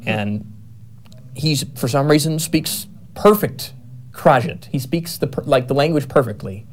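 A man talking casually in a voice of middle pitch. He rambles, restarting sentences and piling up fillers as he goes. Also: expressive, a little slow. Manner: rambling, many fillers and self-corrections. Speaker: writer describing his novel. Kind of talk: casual chat.

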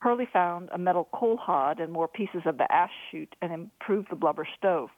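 A woman author reading her own novel aloud in a steady storytelling manner. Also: on the low side, normal speed, no echo. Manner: steady storytelling, lively voices for dialogue. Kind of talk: audiobook narration. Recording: dry, phone-like narrow sound.

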